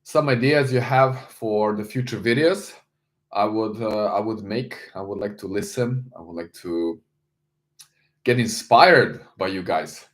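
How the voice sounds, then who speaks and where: A man's voice: on the low side, measured pace. A man hosting a casual live stream, greeting viewers, reading the chat aloud and talking loosely with frequent restarts.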